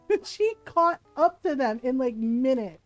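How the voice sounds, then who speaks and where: A high-pitched woman tells a story in a loose, chatty way, breaking into laughter and acting out the lines of people she quotes. Her voice sounds close and dry, and soft music plays quietly behind her. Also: expressive, a little slow, dry recording, poor audio. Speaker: streamer. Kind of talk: casual storytelling on a livestream.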